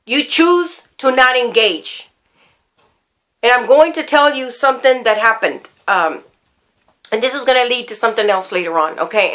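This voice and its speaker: A woman's voice: fairly high pitch, a bit bright. A woman giving sermon-style Bible teaching to women, earnest, repeating her key phrases and telling stories from her own life.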